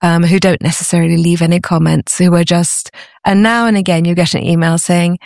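A woman's voice: fairly low pitch, fairly even intonation, brisk, vocal fry, darkish tone, dry recording, clean studio sound. A woman, a podcast guest, talking about her antiques business in an enthusiastic, conversational way and often restarting her phrases. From Britain. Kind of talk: conversational interview.

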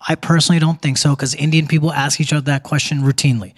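A young man doing a stand-up set in a theater, chatty and quick, slipping into put-on voices for quotes. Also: a little high, fairly even intonation. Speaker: stand-up comedian. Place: theater stage before a live audience. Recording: live theater with crowd noise.

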